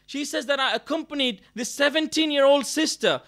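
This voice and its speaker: A man giving a sermon, moving between loud declaiming and quiet storytelling and reciting Arabic verses. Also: extremely high pitch, fairly quick. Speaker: preacher. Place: mosque gathering hall.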